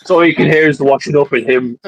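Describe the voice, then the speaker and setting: A man's voice: fairly high pitch, rapid-fire, noisy background. A man, a wrestler guest, talking in an easygoing way and laughing often over a video call.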